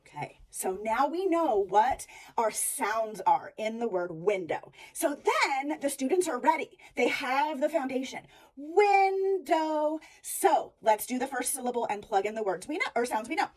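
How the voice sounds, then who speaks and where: A woman's voice: fairly high pitch, animated, moderate pace, recorded from a distance, rough recording. A woman teacher explaining how to teach spelling to other teachers, stretching and calling out words to show their sounds. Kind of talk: instructional talk to teachers.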